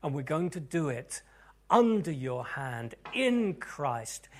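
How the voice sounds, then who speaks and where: A man preaching and praying over his congregation, his voice sitting a little above the usual male range. He drops to hushed, breathy whispers, then climbs into loud, fervent proclamations. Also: on the high side, big pitch swings, takes it slowly. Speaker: pastor. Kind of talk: sermon and prayer.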